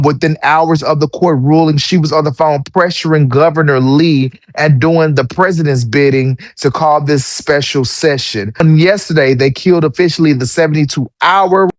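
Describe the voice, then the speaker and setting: A man's voice: fairly high pitch, dry recording. Fired-up man, dry close sound. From Tennessee. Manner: heated, blunt, swears freely. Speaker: political commentary host. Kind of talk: impassioned political commentary.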